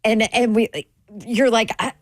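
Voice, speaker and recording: A woman hosts a sports radio show, upbeat and chatty as she questions her guest and plugs upcoming shows. Her voice is a middle pitch for a woman, close and dry on the studio mic. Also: normal speed, no echo. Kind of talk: casual radio interview chat.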